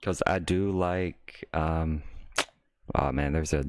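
A deep-voiced man talks casually on a live stream. He rambles, stops mid-sentence and starts over, then breaks into loud mocking rants. The sound is dry, with almost no room in it. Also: fairly even intonation, takes it slowly, clear, resonant tone, no echo.

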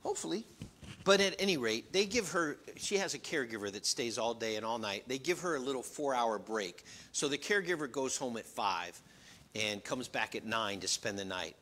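A middle-aged man preaching a sermon as pastor, earnest, shifting between loud emphasis and quiet, confiding storytelling. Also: mid-range voice. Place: church.

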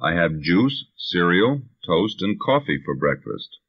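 A man reading English practice phrases deliberately for learners, on a dull lo-fi vintage recording. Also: sits low, slightly rough. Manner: deliberate, even drill reading. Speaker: language teacher.

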